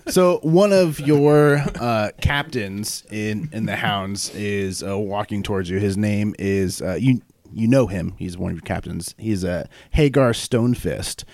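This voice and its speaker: A man narrating as game master for a tabletop game, halting with fillers and breaking into laughter often. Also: fairly low pitch, darkish tone.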